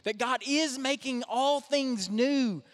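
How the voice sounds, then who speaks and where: A man's voice: very high-pitched, slow. A young man, a pastor, preaching a sermon in a conversational, self-deprecating way. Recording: reverberant hall.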